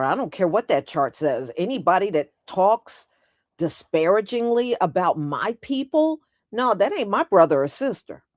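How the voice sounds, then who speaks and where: A woman's voice: mid-range voice, darkish tone, no room sound, studio quality. A woman hosting a live-stream commentary, blunt and emphatic, hammering her points with repetition. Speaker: host.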